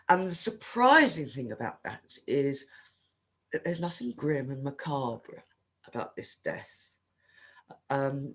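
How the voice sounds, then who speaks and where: A woman leading a writing workshop, talking conversationally with frequent filler ums. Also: sits low. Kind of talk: online workshop talk.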